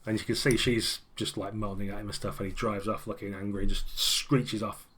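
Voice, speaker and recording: A man's voice: on the low side, flat delivery, brisk, a bit bright, breathy edge. A man running a tabletop game as game master, narrating scenes in a loose, chatty way.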